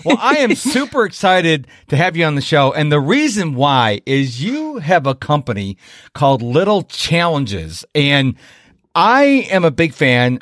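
A man's voice: mid-range voice, no room sound, clean studio sound. An enthusiastic man hosting a podcast interview, talking up his show and his guest. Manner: enthusiastic, self-promoting. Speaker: podcast host.

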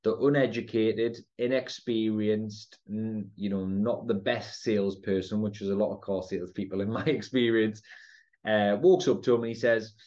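A man's voice: lowish voice, steady tone, moderate pace, a little mellow, highs cut off. A man with a Geordie accent giving a confident, emphatic podcast talk on sales, often checking in with "right?" and "okay?". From North East England. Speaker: podcast host and sales trainer.

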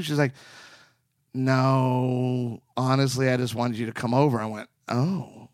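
A middle-aged man chats in a lively storytelling way, slipping into quick impressions of the people he quotes. His voice sits at an ordinary middle pitch, recorded close and dry with no room sound. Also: no echo. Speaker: podcast co-host and marriage counselor. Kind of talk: casual storytelling chat.

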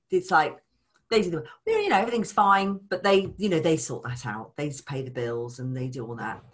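A woman talking as a money coach in a casual chat, animated, acting out people's voices and swearing casually. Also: on the low side, a little fast.

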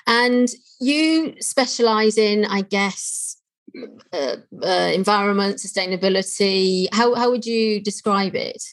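Welsh woman, podcast host, chatty, quick to laugh. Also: mid-range voice. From North Wales. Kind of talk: casual interview chat.

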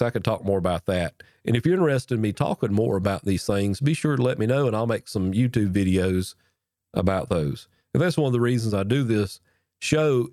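A podcast host gives a casual, folksy lesson on mic technique to camera, speaking close into a foam-covered mic on a boom arm and repeating and restarting as he demonstrates. His tone is dark, and the recording is dry and studio quality.

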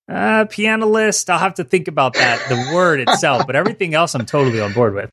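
A man who teaches piano, hosting a podcast in relaxed, joking casual chat. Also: medium pitch, fast talker, slightly rough, no echo, studio quality. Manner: easygoing, joking, laughs often.

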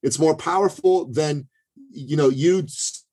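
A man's voice: on the high side, measured pace, mellow, breathy edge, low-quality recording. A man speaking as a guest in a podcast interview, coaching listeners on sales in an emphatic, pushy way with many asides and restarts.

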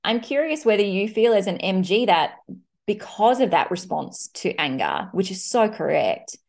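A woman's voice: medium pitch, very animated, normal speed, gravelly, a little mellow. A woman hosting a podcast interview, asking reflective, probing questions and laughing often. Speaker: podcast host. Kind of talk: conversational interview.

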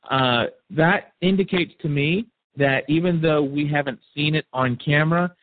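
A man's voice: mid-range voice, no echo. A man hosting a call-in discussion, rambling and repeating words as he thinks. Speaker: call-in show host. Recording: tinny phone-like line.

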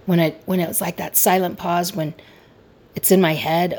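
A middle-aged woman talks through her own marriage struggles with candid, self-deprecating honesty. Her voice is low and gravelly, with a husky edge. She offers practical relationship advice like a coach sharing what she has learned. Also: steady tone, normal speed, darkish tone. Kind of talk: personal advice talk.

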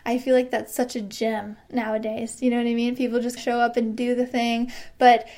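A woman's voice: fairly high pitch, moderate pace. Upbeat woman host in her thirties, chatty solo podcast, laughs easily. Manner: bubbly, laughs often, acts out quoted excited voices. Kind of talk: casual solo podcast monologue.

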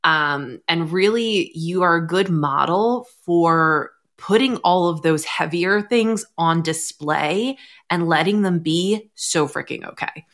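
A young adult woman hosts a podcast in a casual, candid conversation. She talks in a slightly low voice and tells stories in an animated way, acting out the quotes. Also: slow. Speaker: podcast host.

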